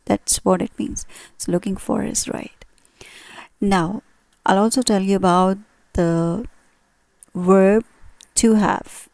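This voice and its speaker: A woman's voice: medium pitch, fairly even intonation, slow, gravelly, long pauses, darkish tone, no room sound. A woman teaching an English grammar lesson, explaining carefully and asking her viewers questions.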